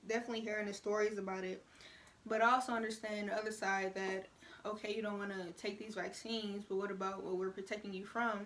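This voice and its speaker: Young woman, frank and chatty, mid pitch, faint background noise. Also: flat delivery, fast, fairly bright tone. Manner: frank, conversational, many "you know" asides. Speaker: vlogger. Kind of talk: casual opinion vlog.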